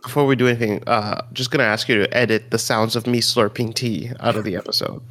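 Laid-back man, mid-pitched voice. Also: steady tone, quick pace, a bit bright. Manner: laid-back, laughs easily, fillers. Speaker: podcast co-host. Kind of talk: casual chat.

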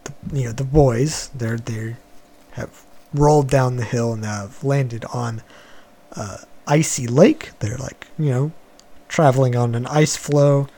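A man's voice: medium pitch, steady tone, takes it slowly, warm tone. A man hosting a podcast, casually retelling a cartoon episode in a loose, chuckling, wandering way. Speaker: podcast host.

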